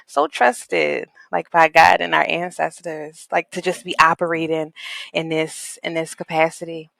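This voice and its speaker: Woman guest, unhurried and low-pitched, earnest and reflective, dry close sound. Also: gravelly, dry recording. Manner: thoughtful, searching, heavy use of "like" and "um"; warm, earnest, spiritual. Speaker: podcast guest, equity coach and consultant. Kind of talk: reflective conversational interview.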